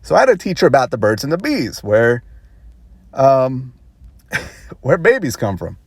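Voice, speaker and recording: A man's voice: medium pitch, big pitch swings, unhurried, slightly rough, no echo. A man vlogger telling a rambling story casually, with self-conscious laughs.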